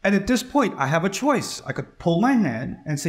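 A man's voice: high voice, very animated, normal speed. A middle-aged man giving a conversational sermon in a mosque, often acting out quoted dialogue. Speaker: preacher giving a Friday sermon.

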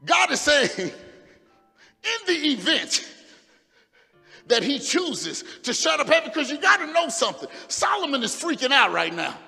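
Fervent high-voiced male preacher. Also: very animated, unhurried, vocal fry, pauses often, long reverb tail, faint music behind. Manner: fervent, swings between quiet asides and shouts. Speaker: pastor. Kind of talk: sermon. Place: church sanctuary.

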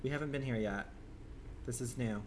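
A man streaming live gameplay, swearing a lot and swinging between muttering and screams. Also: moderate pace. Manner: profane, dramatic, swinging from low muttering to screaming. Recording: noisy stream audio.

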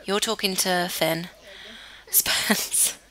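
Bright-voiced chatty young woman. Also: mid-range voice, drawn-out words. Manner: chatty, talks to her game characters, easily flustered. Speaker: let's play gamer. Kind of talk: casual gameplay commentary.

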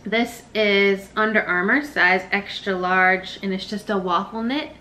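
A woman vlogging a secondhand clothing haul in a casual, chatty way. Her voice is bright and forward, at a middle pitch. She hurries along with offhand asides, and a faint hum sits under her. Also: fairly even intonation. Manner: quick, chatty, self-deprecating asides. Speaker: reseller vlogger. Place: living room, sitting on the floor.

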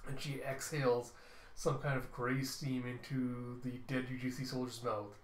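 A man at a middle pitch narrating a comic book page by page, loose and offhand, filling gaps with "uh" and "like". His voice carries a roomy echo with faint background noise. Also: flat delivery, moderate pace. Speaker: comic reviewer. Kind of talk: casual comic read-through narration.

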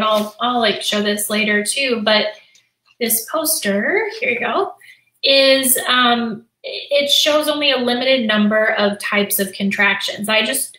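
A woman's voice: a little high, bright, forceful tone, roomy sound, low-quality recording. A young adult woman teacher explaining and modeling a lesson in a live stream, with frequent fillers and restarts. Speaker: teacher and literacy educator.

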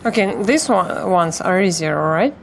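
A woman's voice: on the low side, lively intonation, normal speed, vocal fry, background noise. Woman yelping through a game. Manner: swearing, yelping and shrieking at scares; talks to herself and the viewers. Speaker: gamer playing a let's play. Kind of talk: live gameplay commentary.

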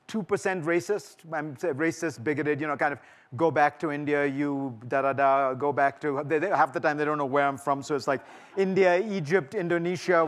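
A man's voice: fairly high pitch, fairly bright tone. Middle-aged man giving a festival talk. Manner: thoughtful, with frequent restarts and fillers. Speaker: speaker. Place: large lecture hall.

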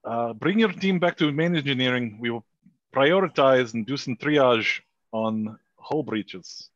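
A man playing a chief engineer in a tabletop game, reporting in a measured, officer-like way with fillers. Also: mid-range voice, dry recording, lo-fi sound. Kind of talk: tabletop role-play.

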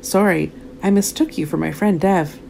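A woman voicing a kind, patient male bedtime owl in a storybook read-aloud, speaking in a gentle, coaxing way. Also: fairly low pitch, moderate pace, gravelly, a little hiss or hum.

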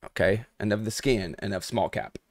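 A young adult man hosts a live trading stream with a somewhat low voice. He chats casually and addresses his viewers directly. The sound is close and dry. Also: a little fast, no room sound. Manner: casual, chatty, talks straight to viewers in the chat. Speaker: host.

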